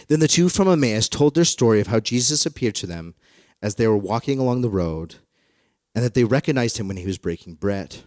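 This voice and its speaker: A man's voice: lowish voice, expressive, a little fast, a little mellow, dry recording, studio quality. Playful man preaching a casual sermon. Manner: playful, jokey storytelling with acted-out quotes. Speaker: pastor.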